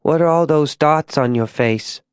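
A man voicing a six-year-old frontier girl who asks soft, childlike questions. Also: a little high, unhurried, smooth, no room sound, studio quality, pitched above the performer's own voice, close to an everyday voice. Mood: innocent.

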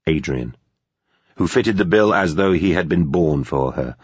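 A man reading a novel aloud in steady, measured scripted narration. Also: sits low, husky, no echo. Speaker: audiobook narrator. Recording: dull, lo-fi dry recording.

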